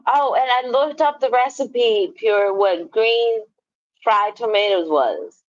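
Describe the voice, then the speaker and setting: A woman hosts a casual livestream, talking to her viewers with a fairly high, very animated voice that moves at a leisurely pace. She laughs often and swears freely. The sound is dry and a bit dull, like lo-fi stream audio. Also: takes it slowly, no room sound. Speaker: livestream host. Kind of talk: casual livestream chat reading viewer comments.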